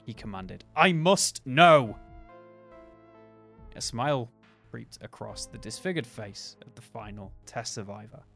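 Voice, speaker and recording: A man's voice: on the low side, gravelly, faint music behind. Man reading a horror story aloud. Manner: measured, dramatic storytelling, laughs easily in chat. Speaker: podcast host and story reader.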